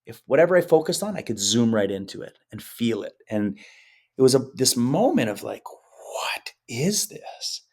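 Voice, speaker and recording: A man's voice: medium pitch, very animated, a little fast, a little mellow. A man who is a guest on a podcast interview, telling personal stories in an earnest, emotional way and acting out the quotes. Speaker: guest, hypnotherapist. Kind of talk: conversational interview storytelling.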